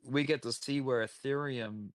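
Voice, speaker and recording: A man chatting casually as a co-host, rambling with lots of "like" and quick agreement. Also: mid-range voice, steady tone, dry recording. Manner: rambling, filler-heavy, agreeable. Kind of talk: casual chat.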